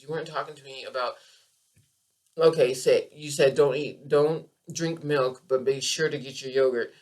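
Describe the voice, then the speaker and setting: A woman talks straight to her listeners on her own podcast as a keto coach. Her delivery is emphatic and animated, full of passion. She repeats phrases to drive each point home. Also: very deep voice. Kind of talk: passionate health monologue.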